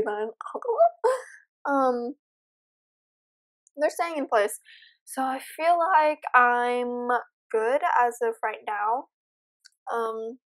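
A young woman nervously commenting as she plays a horror game, chatting to her viewers. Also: a little high. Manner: nervous, jumpy, talks to viewers. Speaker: gamer.

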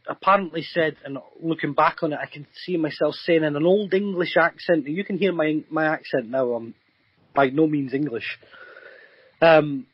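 Husky man telling a story over a dull line. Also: fairly high pitch, dry recording. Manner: rambling, earnest storytelling with many ums and restarts. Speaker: guest paranormal investigator and psychic medium. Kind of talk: remote radio interview storytelling.

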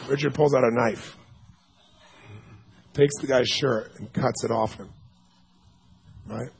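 A man giving a seminar talk, telling stories in an animated way and acting out the people he quotes, sometimes with sudden loud shouts. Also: mid-range voice, takes it slowly, noisy background. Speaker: seminar speaker. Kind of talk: storytelling lecture.

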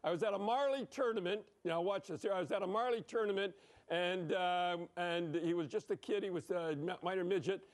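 Older man, high-pitched, blunt and rambling hockey commentator. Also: a little fast. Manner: blunt, emphatic, rambling, with frequent "eh?". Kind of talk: excited hockey commentary over replays.

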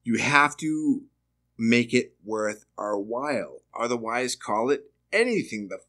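Forceful, profane male podcast host. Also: mid-range voice, animated, a little slow. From Massachusetts. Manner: blunt, profane, emphatic with rhetorical questions. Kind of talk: casual podcast chat.

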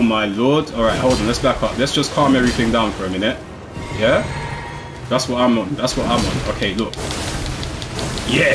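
Excitable man commenting on gameplay. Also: medium pitch. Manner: excitable, trash-talking, with sudden drops to muttering. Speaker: gaming video host.

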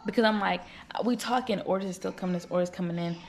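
Young woman, 20s, casual vlogger, chatty and repetitive, light vocal fry. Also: lowish voice, quick pace, darkish tone, slight background noise. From United States. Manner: chatty, repeats herself, talks straight to viewers. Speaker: vlogger running a small business. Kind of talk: casual chat to camera.

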